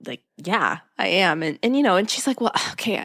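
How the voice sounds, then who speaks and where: A young woman in casual podcast chat, recapping a show with a lively, swooping voice. She drops lower to quote characters and breaks into laughter often. Her pitch sits mid-range for a woman. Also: a little fast. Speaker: podcast co-host.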